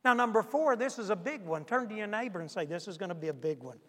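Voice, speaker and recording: Speaking fast and with a sharp tone, this pastor's high, animated voice presses his congregation with repeated rhetorical questions during a sermon. The sanctuary's large space leaves a long reverb on everything.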